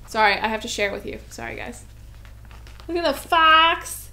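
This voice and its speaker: A young woman vlogging as she opens fan mail, bubbly and gushing, full of excited little asides. Her voice sits a bit high for a woman. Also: moderate pace. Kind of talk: casual mail-opening vlog.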